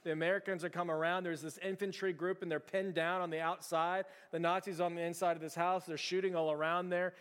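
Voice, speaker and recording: A man preaching a sermon as pastor, telling stories in an animated, conversational and emphatic way. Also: high-pitched, fast talker, few pauses, clean tone, in a large hall.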